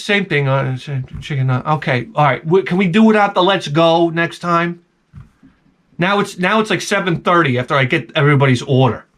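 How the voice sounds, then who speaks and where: A man's voice: fairly high pitch, a bit bright. A man telling a comic rant about a bad day, exasperated, profane and self-mocking. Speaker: comedy vlogger.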